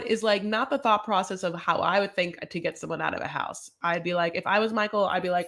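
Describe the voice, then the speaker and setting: A woman's voice: mid-range voice, expressive, brisk, few pauses, fairly bright tone. An American woman hosting a casual recap, talking in a chatty, gossipy, sassy way. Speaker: host. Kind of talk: casual reality-show recap.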